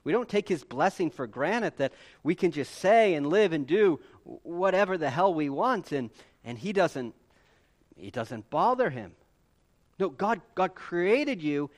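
A man preaching a sermon with animated delivery and emphatic repetition. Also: a little high, unhurried. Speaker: pastor.

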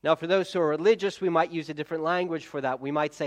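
A man's voice: on the high side, fairly even intonation, fast talker. A man preaching a conversational sermon as a pastor, talking straight to his listeners and often restarting his sentences. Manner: chatty, self-correcting, direct address to listeners.

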